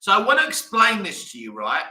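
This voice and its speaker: A man's voice: sits high, huge pitch swings, fairly quick, sharp tone, roomy sound, far from the mic. A man hosting a live movie news stream, talking passionately and rambling straight to his viewers. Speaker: movie news channel host.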